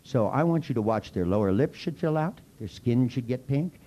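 A man's voice: medium pitch, lively intonation, moderate pace, warm tone, highs cut off. A man leading a live workshop, teaching in a playful, teasing way full of mock threats. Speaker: workshop leader.

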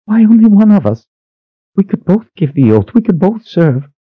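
A man voicing a terrified young man wizard who pleads in a shaky, breathy voice. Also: high-pitched, sing-song, normal speed, no echo, narrow, tinny audio, voice pushed up, exaggerated voice. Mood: terrified pleading.

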